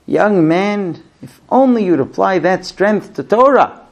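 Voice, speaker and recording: A man playing a learned rabbi who coaxes excitedly. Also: high-pitched, a little slow, creaky, pitched above the performer's own voice, exaggerated voice. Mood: eager coaxing. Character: eager learned male rabbi, persuasive.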